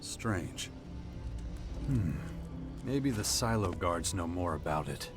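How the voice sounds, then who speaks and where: A low, steady male voice delivers short, clipped lines. He sounds calm and factual while he investigates. Game music plays behind him. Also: slow. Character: terse male hero investigating an explosion. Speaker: game protagonist.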